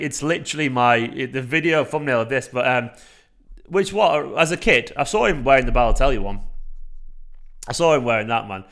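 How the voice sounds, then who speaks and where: A man in his thirties hosting a casual fan livestream, excitable and sweary as he reacts to the chat. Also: mid-range voice. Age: 30s. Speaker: fan channel livestream host.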